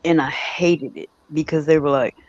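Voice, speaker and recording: A man's voice: a little high, steady tone, moderate pace, no echo. Emphatic man telling stories, dry lo-fi sound. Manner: laughs easily, talks in emphatic, repeating phrases. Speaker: podcast co-host. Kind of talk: casual storytelling chat. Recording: dull, dry lo-fi recording.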